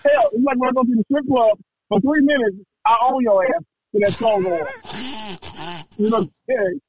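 A man's voice: very high voice, moderate pace, a little mellow. A man rambling profanely in casual podcast chat, often asking "you know what I'm saying," recorded on a dull, lo-fi mic.

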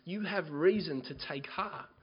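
A man preaching a sermon, moving from quiet scripture reading to loud, impassioned exhortation. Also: fairly high pitch, unhurried, breathy edge, dull audio. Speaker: pastor.

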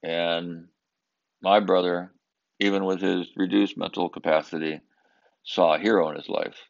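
Deep gravelly older man telling a story. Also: steady tone, muffled recording. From Southern California. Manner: earnest, emphatic, with halting repetitions. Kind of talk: personal storytelling.

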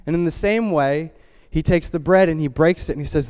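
Male preacher, slightly high, clean, clear voice; relaxed storytelling sermon, chatty fillers, drops soft for weighty lines. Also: brisk, few pauses, long reverb tail. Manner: casual, conversational retelling full of "like" and restarts; lets the voice drop low and quiet for solemn moments.

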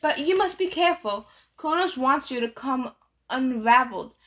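A woman reading the part of a wise, weary male centaur teacher in a measured, gentle way, as an audiobook. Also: high-pitched, lively intonation. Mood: earnest.

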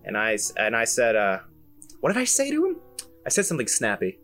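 A young man hosting a podcast, telling a story in an animated, self-amused way with lots of fillers and restarts. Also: mid-range voice, fairly quick, soft background music. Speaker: podcast host. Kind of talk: casual solo storytelling.

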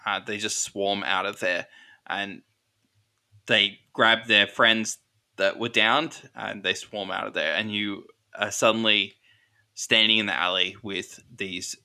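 Male game master, bright forceful tone, unhurried, measured scene-setting. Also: on the low side, steady tone. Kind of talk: narrating a tabletop game.

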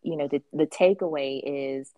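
A woman's voice: deep voice, moderate pace, dark tone, no room sound, muffled recording. A woman hosting a podcast in casual chat, talking bluntly and emphatically, with plenty of swearing. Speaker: podcast host.

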